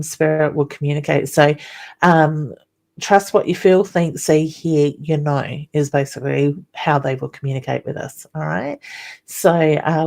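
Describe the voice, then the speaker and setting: Aussie lady doing psychic readings on a live stream, low voice, soothing, keeps saying honey. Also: vocal fry, darkish tone. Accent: Australian. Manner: soothing, reassuring, calls people honey. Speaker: psychic medium hosting a live show.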